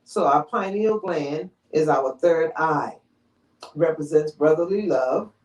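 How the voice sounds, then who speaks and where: A woman's voice: low voice, takes it slowly, darkish tone, highs cut off. A woman preaches a conversational sermon to her congregation, teaching step by step and checking in with "all right?" along the way. She is recorded from a distance in an echoey hall, so her voice rings off the walls. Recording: echoey room, mic from far off.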